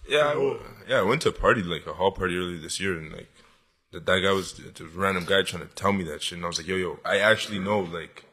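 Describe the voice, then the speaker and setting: Low husky guy chatting slangy stories on a podcast, bright edge to his voice. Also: fast. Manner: laid-back storyteller, slangy, laughs often. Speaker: podcast co-host. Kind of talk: casual chat.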